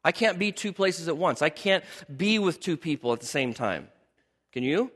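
A man with a fairly bright, expressive voice on the high side preaches a sermon as pastor at normal speed, with long hall reverb on the recording. His tone is conversational; he repeats key words for emphasis and puts questions to his congregation.

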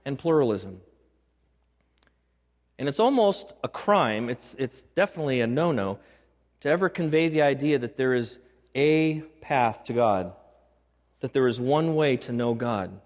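A man preaching a sermon as pastor, emphatic, repeating key phrases and putting questions to the congregation. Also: mid-range voice. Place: church sanctuary. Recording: long reverb of a large hall.

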